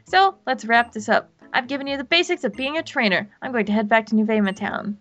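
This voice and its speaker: A woman's voice: a little high, brisk, fairly bright tone, soft background music, natural voice. A woman reading out a female professor's lines as she sends off a new trainer in a game. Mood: encouraging. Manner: reading game dialogue aloud, with a swear slipped in. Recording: dull lo-fi recording.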